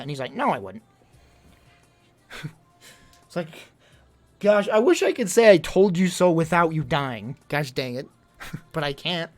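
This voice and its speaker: A young man venting in casual livestream chat, rambling and exasperated, full of fillers. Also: on the high side.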